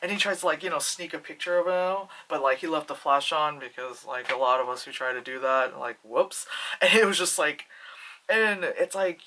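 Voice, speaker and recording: Bright-voiced, rambling movie reviewer. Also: mid-range voice, moderate pace, slight background noise. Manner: animated, profane, acts out scenes with voices; rambling, heavy use of "like" and "you know". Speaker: film reviewer. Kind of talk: casual spoiler movie review.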